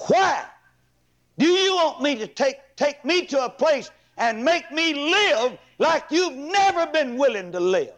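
A man voicing a defiant teenage girl who talks back to her father in a shrill, challenging way. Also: sing-song, unhurried, fairly bright tone, heavily acted.

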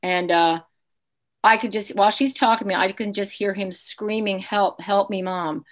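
Woman in her fifties, podcast guest, earnest, emotional, restarts often, mid-pitched voice. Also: fairly even intonation, normal speed, fairly bright tone. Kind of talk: personal storytelling in an interview.

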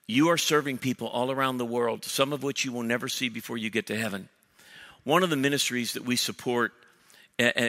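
A male pastor bursting with energy, joking with his congregation and tripping into quick restarts. His voice is bright and sharp, and it is carried on a stage mic into a big auditorium where a long reverb trails every phrase. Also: mid-range voice. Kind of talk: sermon announcements. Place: large church auditorium. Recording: long church hall reverb.

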